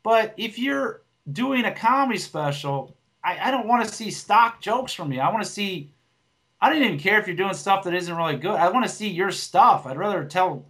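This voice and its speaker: A man's voice: high voice, lively intonation, normal speed, fairly bright tone. A man who does stand-up, chatting on a podcast in a blunt, rambling way with lots of swearing and restarts. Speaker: podcast co-host, stand-up comic. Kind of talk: casual podcast chat.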